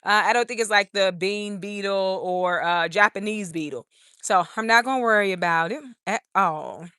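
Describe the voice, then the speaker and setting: A garden channel host livestreams a tour of an outdoor urban garden, chatting casually and reading viewer comments. Her medium-pitched voice is clear, sharp and resonant at a normal speed, and she laughs often while calling her viewers "y'all." The recording is dry, with clean studio sound.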